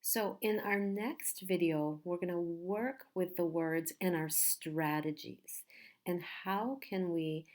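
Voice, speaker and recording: A woman teaching a pronunciation lesson, speaking slowly and patiently and repeating each word carefully. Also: on the low side, a little mellow.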